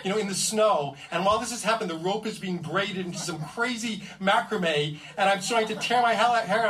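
A man telling a comic first-person adventure story in an animated, suspense-building way. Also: high voice, fairly quick, hardly any pauses. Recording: distant mic with faint ambience.

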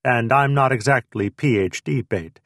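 A man's voice: mid-range voice, normal speed, a bit bright, no echo, studio quality, natural voice. A male narrator voicing a wry young American woman who teases with short, probing questions. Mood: teasing.

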